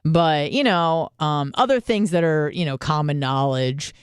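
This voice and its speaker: A young woman hosting a radio show talks through a rambling, self-mocking story and swears freely. Her voice is smooth and clear. The sound is dry and close, with no room around it. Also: low voice, measured pace, dry recording. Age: 20s. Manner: candid, profane, self-deprecating storytelling. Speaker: radio host. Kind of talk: casual monologue.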